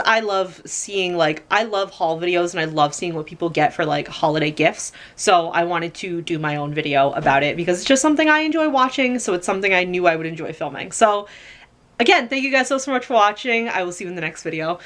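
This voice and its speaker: A young woman vlogs a haul from a room at home, chatting casually and rambling with lots of fillers and casual swearing. Her voice is lowish, a bit bright and a little fast, picked up on a camera mic.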